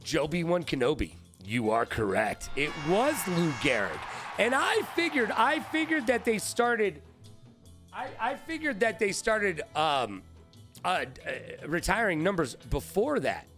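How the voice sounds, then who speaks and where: A man hosting a live-stream trivia game, excitable and profane, riffing with his chat. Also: high voice, measured pace, faint music behind.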